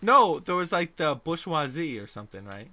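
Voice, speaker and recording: A male stream host who teases his guest and trips over hesitant fillers in a casual chat. His voice is bright and clear, with a faint hiss of noise behind it. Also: on the high side, big pitch swings, normal speed. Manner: teasing, often hesitant with fillers.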